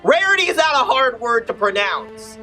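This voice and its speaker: Casual reaction host, middle pitch, animated and rambling, faint music behind. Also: normal speed. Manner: rambling and chatty, many restarts and asides. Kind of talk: casual commentary over a film.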